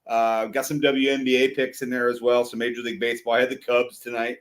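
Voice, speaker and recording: A man's voice: mid-range voice, level tone, fast talker. A man co-hosting a sports podcast, talking casually about betting picks and games with a laid-back, rambling manner. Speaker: podcast co-host.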